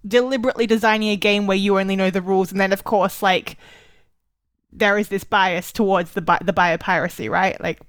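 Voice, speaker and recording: A woman's voice: medium pitch, fairly even intonation, fairly quick, no room sound. A woman leading a casual book club discussion, talking loosely with many fillers and restarts. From Australia.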